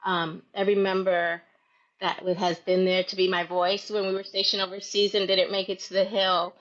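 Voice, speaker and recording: A woman guest shares her story in an interview. She speaks in an emotional, halting way, full of gratitude. Her audio sounds muffled and lo-fi. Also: medium pitch, little pitch movement, a bit bright. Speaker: guest, military parent.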